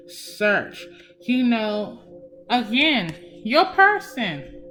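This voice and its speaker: Woman, young, bright tone, chatty tarot reader, emphatic, soft music behind. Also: medium pitch. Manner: warm, emphatic, addresses viewers as y'all. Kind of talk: casual psychic love reading. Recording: faint background music.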